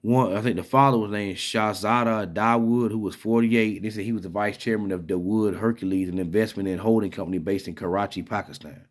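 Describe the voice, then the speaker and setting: A man's voice: lowish voice, fairly even intonation, a little fast, hardly any pauses. A man giving casual, rambling commentary to his own channel, full of fillers and restarts, with an incredulous, head-shaking tone. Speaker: vlogger.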